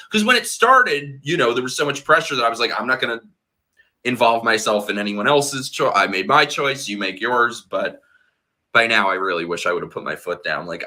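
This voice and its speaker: Slightly tipsy guy hosting a stream, swears a lot, piercing bright voice. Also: deep voice. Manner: blunt, swears freely, heated. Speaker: host. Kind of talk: casual chat on a livestream.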